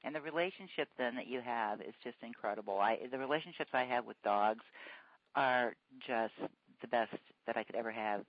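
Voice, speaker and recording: A man's voice: medium pitch, fairly quick, dry recording. A man hosting a casual chat about dogs, enthusiastic and agreeable. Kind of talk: casual conversation. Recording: muffled lo-fi sound.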